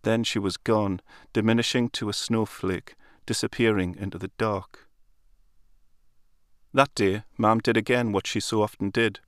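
A man reading a literary story aloud in a calm, measured storytelling manner. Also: lowish voice, no echo, clean studio sound. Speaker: narrator. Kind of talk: literary audiobook narration.

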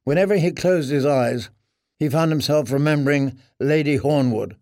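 Guy narrating an audiobook, steady and measured, a bit high, dry close sound. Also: dry recording. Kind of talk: scripted narration.

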